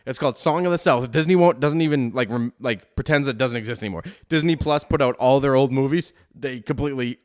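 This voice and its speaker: A man hosts a casual podcast and tells a long story, swearing freely and rambling from one aside to the next. His voice sits at an ordinary middle pitch, and he talks in an easygoing, unscripted way. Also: fast talker, few pauses. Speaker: podcast host. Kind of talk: casual chat.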